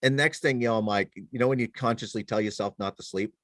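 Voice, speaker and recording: A man's voice: on the low side, fast talker, dry recording, clean studio sound. A middle-aged man, a former police officer and veteran, telling stories in a casual podcast chat with self-deprecating humor. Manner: animated storyteller, self-deprecating, many restarts.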